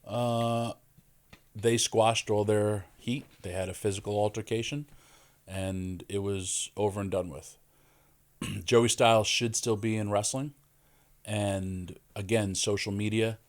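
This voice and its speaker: A man with a somewhat low voice, talking as a guest on a podcast. He tells stories in a loose, casual way. He jumps into the voices of the people in them and raises his voice for their lines. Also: slow. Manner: animated storyteller, acts out quoted lines. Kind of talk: casual interview storytelling.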